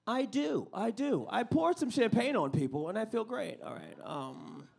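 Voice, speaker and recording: Stand-up comic from New York City, lively pitch, somewhat high, chats with the room. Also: male voice, moderate pace, vocal fry, husky. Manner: animated, conversational with the crowd. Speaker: stand-up comedian. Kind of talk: stand-up comedy set. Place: live on stage at a club.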